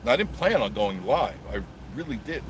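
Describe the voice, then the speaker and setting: A medium-pitched man, very animated and speaking at a moderate pace, hosts a casual live stream from his car. He rambles, jokes, and answers viewer comments, filmed on a phone on a gimbal with clear traffic noise behind him.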